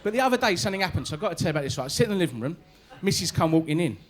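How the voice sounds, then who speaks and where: A man in his forties with a London Cockney accent doing a stand-up set on a club stage, his voice pitched high. He talks in a punchy, chatty way and keeps tagging his lines with "right?". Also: sing-song, rapid-fire. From East London, England. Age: 40s. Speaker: stand-up comedian.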